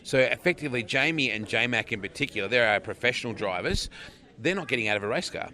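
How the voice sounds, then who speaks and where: A man's voice: medium pitch, lively intonation, quick pace, sharp tone. A man with an Australian accent, talking in a casual interview about sprint car racing as a guest.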